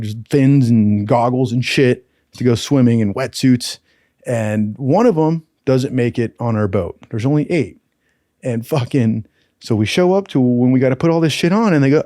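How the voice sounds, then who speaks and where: A man's voice: medium pitch, dark tone, no room sound, studio quality. A man telling rambling, profane stories in a casual, chatty way. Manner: profane, rambling anecdotes with acted quotes. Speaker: storyteller. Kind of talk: casual storytelling.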